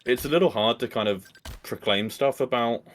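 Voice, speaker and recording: A man with a medium-pitched, slightly bright voice talks at a normal speed on a game team's casual livestream. He earnestly reads out questions from viewers and responds, frequently starting his sentences over.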